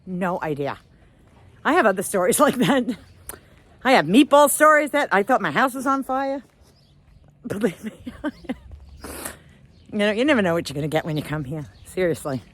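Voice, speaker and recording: A middle-aged woman vlogger telling a story on a walk outdoors, animated and self-mocking, laughing often. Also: medium pitch, normal speed, pauses often.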